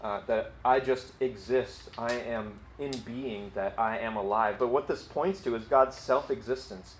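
A man's voice: medium pitch, measured pace, echoey room, a little hiss or hum. A man preaching a conversational sermon, acting out dialogue and using frequent fillers. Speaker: pastor.

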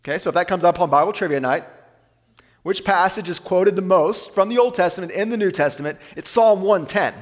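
A man preaching a sermon, asking rhetorical questions and slowing down to read scripture aloud. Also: high voice, in a large hall. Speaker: pastor.

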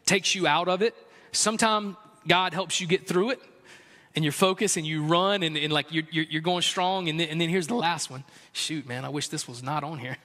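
A man with a high, bright voice preaches a sermon, talking to the congregation like he would to friends and getting animated as he tells stories. His voice rings out with a long hall reverb, and soft music sits underneath. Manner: conversational, builds to animated storytelling with a raised, excited voice. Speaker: pastor.

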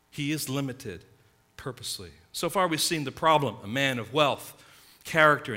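A man preaching a sermon, emphatic, swinging between loud stresses and hushed asides. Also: mid-range voice. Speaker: pastor.

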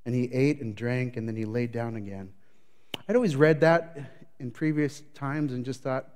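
A man preaching a sermon with a storyteller's flair. He swings from loud, building phrases to hushed, low lines, with a mid-range voice. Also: fairly even intonation, moderate pace. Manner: dramatic storytelling, voicing the prophet's panic; varies loudness widely, building up then dropping low. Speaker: pastor.

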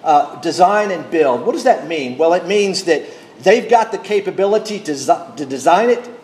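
A man preaching a sermon, reading scripture and explaining it in a measured, emphatic way. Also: sits high, lively intonation, darkish tone. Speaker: pastor.

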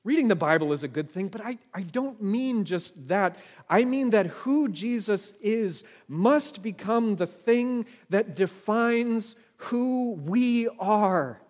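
A man's voice: high-pitched, expressive, slow, hardly any pauses, a little mellow. A man preaching a sermon as pastor, earnest and asking his listeners questions. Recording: long reverb of a large hall.

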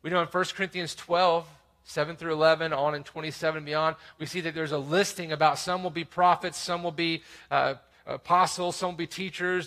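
A man preaching a sermon, building to emphatic peaks and dropping to quiet, conversational asides. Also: fairly high pitch, fairly even intonation, a little fast. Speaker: pastor.

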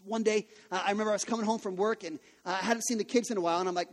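High-voiced male pastor in a reverberant hall. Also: steady tone, racing. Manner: conversational storytelling with rhetorical questions. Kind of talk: sermon.

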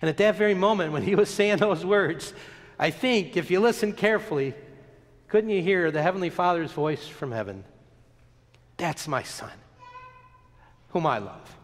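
A man delivers a sermon with a lively, sweeping pitch, leaning into slow emphatic pauses as he tells a story. His voice sits a little high for a man. It rings with a long reverb, as if he is in a large church. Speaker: pastor.

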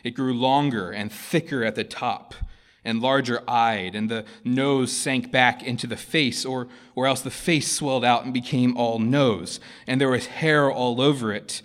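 A man, a pastor, giving a sermon and reading a story aloud with expressive delivery. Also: medium pitch.

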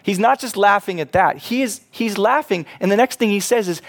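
A man preaching a sermon as pastor, animated, acting out quoted voices and laughing at himself. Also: sits high, brisk.

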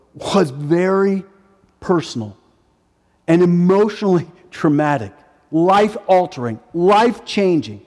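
A man's voice: high voice, a little mellow, long reverb tail. A man in his forties preaching a sermon as a pastor, emphatic and repeating his key phrases. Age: 40s.

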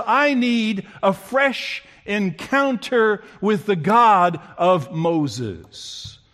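A man preaching a sermon who acts out the quoted speakers with big swings in pitch and loudness.

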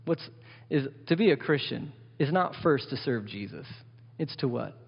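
A man's voice: mid-range voice, expressive, normal speed, vocal fry, slightly rough. A man preaching a sermon as pastor, emphatic, often asking the congregation questions. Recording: dull sound with long hall reverb.

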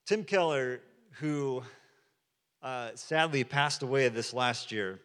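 A man's voice: medium pitch, slow, fairly bright tone, smooth. A man, a pastor, preaching a sermon in a conversational storytelling manner, acting out quotes as he goes. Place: church sanctuary. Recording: long hall reverb.

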